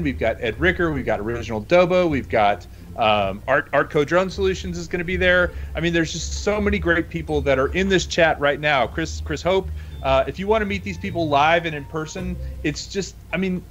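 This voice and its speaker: Man co-host on a live stream, upbeat pitchman, faint room noise behind. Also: a bit bright. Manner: eager, promotional pitch. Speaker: co-host and event organizer. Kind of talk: casual live-stream chat. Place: at home, family nearby.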